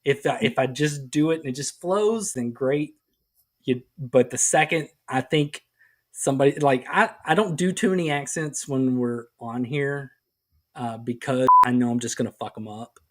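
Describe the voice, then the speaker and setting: A man's voice: mid-range voice, moderate pace, fairly bright tone. Rambling, self-mocking male podcast co-host. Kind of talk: casual comedic chat. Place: podcast recording.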